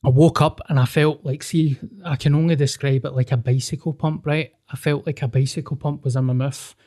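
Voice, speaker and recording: A young man and podcast host telling a personal story in a casual, sweary, animated way, often restarting his sentences. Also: on the high side, brisk.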